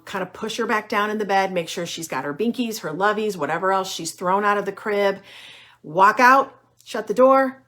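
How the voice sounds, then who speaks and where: A middle-aged woman speaks as a pediatrician giving friendly parenting advice. Her voice sits on the low side for a woman. She is candid and reassuring, and her talk is loose and chatty, with frequent ums and restarts. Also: fairly bright tone.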